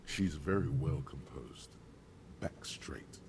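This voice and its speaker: A man narrating a video game in a measured, descriptive way. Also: very deep voice, vocal fry, a little mellow, a little hiss or hum, full character voice. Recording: game audio with music behind.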